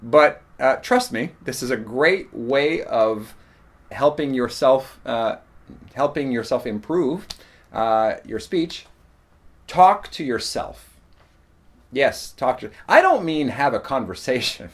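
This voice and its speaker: A man gives an unhurried spoken lesson in a natural mid-range voice. He explains things plainly and casually, filling pauses with ums and uhs as he works out what to say next. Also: mid-range voice. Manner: relaxed, explaining with frequent fillers. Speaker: English teacher.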